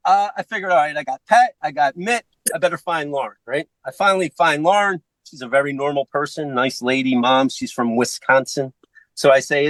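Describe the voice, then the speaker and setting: A man with a Philadelphia accent telling a comedic story on a podcast, profane and animated, acting out the voices of other people. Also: a little high, dry recording, rough recording.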